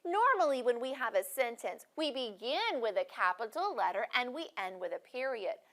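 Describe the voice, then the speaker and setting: High-voiced encouraging woman teacher. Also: big pitch swings, fairly bright tone. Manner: clear, encouraging, deliberately paced teacher talk. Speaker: first grade teacher. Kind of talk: classroom lesson for students watching.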